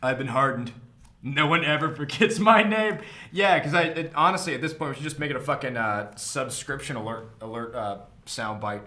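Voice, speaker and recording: A man's voice: medium pitch, normal speed, bright, forceful tone. Rambling young man running a game. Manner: rambling, stumbling, swearing, laughing often. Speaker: game master and streamer. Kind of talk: casual stream chat running a tabletop game.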